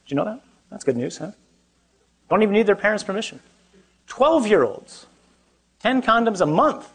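A man's voice: sits high, big pitch swings, normal speed, husky. A man preaching as a parish priest, conversational and joking, often putting questions to his young listeners. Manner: conversational, self-deprecating, asks the audience questions. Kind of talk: humorous preaching to a young audience.

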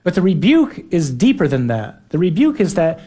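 A male preacher delivering an earnest, emphatic sermon. His voice sits fairly high but sounds mellow, with a husky grain. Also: huge pitch swings, normal speed. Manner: earnest, emphatic, acts out quotes.

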